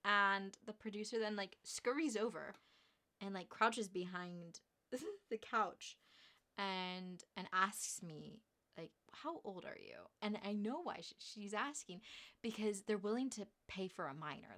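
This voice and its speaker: A young woman vlogger telling a story in a casual, animated way, laughing often and acting out what other people said. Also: medium pitch, measured pace. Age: young adult. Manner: animated, laughing, acts out quoted voices.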